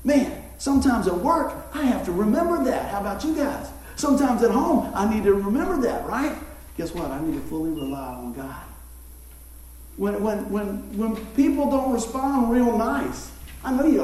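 Guy preaching, high lively voice, jokey, big echoey church from far off. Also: moderate pace. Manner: folksy, joking, talks to the congregation. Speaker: pastor. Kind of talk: sermon. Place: church sanctuary.

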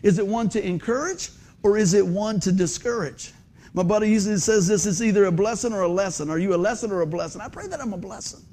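A man preaching, telling stories in an animated way that swings from hushed asides to excited exclamations. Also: sits high, quick pace. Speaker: pastor. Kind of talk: lively storytelling sermon.

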